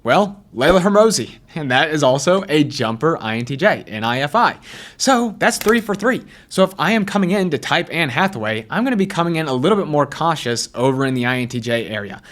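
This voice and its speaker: A man's voice: on the high side, big pitch swings, a little fast, fairly bright tone. A man hosting a casual commentary video, chatty and asking himself rhetorical questions. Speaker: YouTube host, personality typing commentator. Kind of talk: casual commentary over clips.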